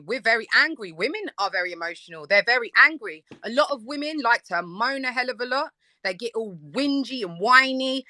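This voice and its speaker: A woman's voice: fairly high pitch, bright, forceful tone, no echo. A woman in a heated live debate, insisting on her point and talking over the other speaker. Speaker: guest debating on a live stream.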